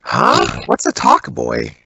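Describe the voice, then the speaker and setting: A man on a comedy podcast giving short, deadpan replies, his voice run through a Dalek-style robotic filter. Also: high voice, takes it slowly, creaky. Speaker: podcast co-host and listener. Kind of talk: casual comic chat.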